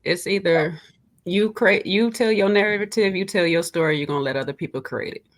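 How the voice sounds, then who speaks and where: A woman panelist with a lowish voice makes her points in a measured way, then teases the others with easy humor. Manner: measured, playful teasing. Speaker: podcast panelist. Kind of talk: casual panel discussion.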